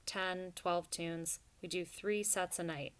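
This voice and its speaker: Woman doing a sleepy, soft-drawling mouse. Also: fairly low pitch, fairly even intonation, takes it slowly, clean tone. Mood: explaining. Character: sleepy, drawling male bass-player mouse.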